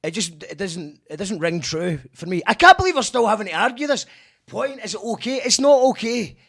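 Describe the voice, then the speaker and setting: A man's voice: high-pitched, sing-song, fairly quick, creaky, fairly bright tone, breathy edge. A Scottish man hosting a casual interview, blunt and rambling with lots of restarts. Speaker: host.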